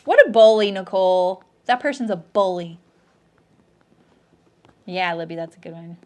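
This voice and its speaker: A middle-aged woman hosts a live sewing stream, chatting and joking with viewers and reading out their comments, often dropping into quiet asides. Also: animated, moderate pace. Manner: chatty and joking, lots of restarts, often drops into a low aside. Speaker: sewing pattern designer hosting a live stream.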